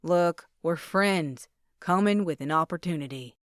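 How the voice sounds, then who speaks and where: A woman's voice: fairly low pitch, measured pace, no echo, clean studio sound, lightly acted. A woman voicing an easygoing, joking American man. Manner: jokey, laid-back.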